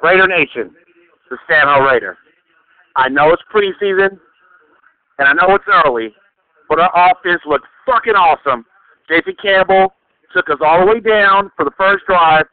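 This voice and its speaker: Brash high-voiced male caller. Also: normal speed, long pauses, dry recording. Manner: brash, profane, punchy. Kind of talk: phone-in call. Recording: tinny phone line.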